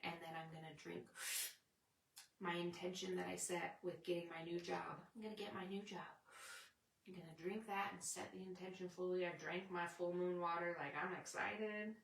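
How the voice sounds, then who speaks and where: A woman's voice: on the low side, steady tone, normal speed, gravelly, reverberant, recorded from a distance. A woman hosting a casual, rambling spiritual chat with her viewers. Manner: rambling, chatty, reads out viewer comments. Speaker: spiritual livestream host.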